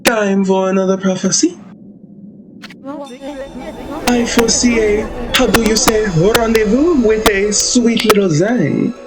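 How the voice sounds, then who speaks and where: A woman voicing a smug, flirty male prophet from a game with a mock French lilt, loud game music behind. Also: on the high side, lightly acted.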